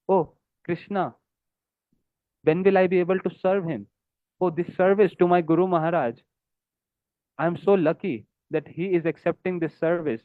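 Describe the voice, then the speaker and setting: A man's voice: a little high, dry recording. Earnest man giving a devotional lecture. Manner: earnest, pleading tone, quotes Sanskrit verses. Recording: dry, phone-like narrow sound.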